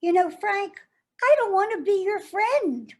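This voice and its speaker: A wounded, sardonic jilted lover , played by a woman, speaks in a very high, thin voice. She takes her time, drawing out each line slowly and deliberately. It is a stage monologue with a biting edge. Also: lively intonation, a little mellow. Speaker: actor performing a monologue.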